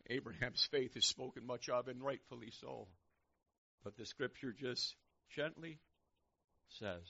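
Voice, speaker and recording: Gravelly fervent male preacher. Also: mid-range voice, moderate pace, highs cut off. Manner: swings from hushed and intimate to loud, fervent preaching. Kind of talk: sermon.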